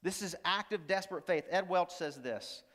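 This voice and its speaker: In a school auditorium with a long, echoing reverb, a male pastor preaches in a high, slightly bright voice at normal speed. He is earnest and emphatic, repeating lines and putting questions to the audience.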